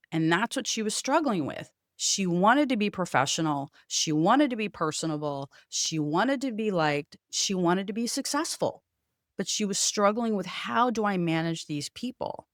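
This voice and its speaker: A woman's voice: mid-range voice, no echo, studio quality. A woman hosting a solo podcast, telling stories and acting out both sides of the conversations. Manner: animated storytelling, acts out both sides of conversations. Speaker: podcast host.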